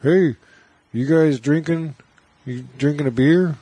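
A man's voice: fairly high pitch, slow pace, warm tone, husky, no echo, voice pushed up. A man putting on an odd, rambling man of about fifty who rides up on a bike and talks too much. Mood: overfriendly.

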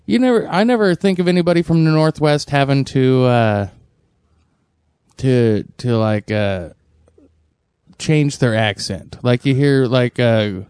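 A man's voice: mid-range voice, measured pace, a little mellow, smooth, no echo, clean studio sound. A man co-hosting a casual podcast, rambling with curious questions and reading out trivia. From US Northwest. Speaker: podcast co-host. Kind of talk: casual chat.

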